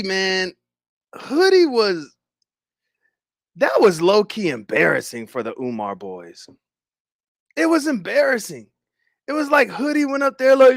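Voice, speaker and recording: Animated young man hosting a stream. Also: high-pitched, dry recording, studio quality. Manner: animated, swearing, laughing, talking to chat. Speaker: livestream host. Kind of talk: casual stream chat.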